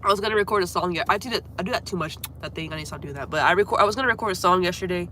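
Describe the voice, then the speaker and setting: Fairly low-pitched and rapid-fire, this young woman's voice has a sharp edge and a faint hiss or hum behind it. She's a livestreamer and singer chatting casually from home, congested with a cold and apologizing each time she coughs.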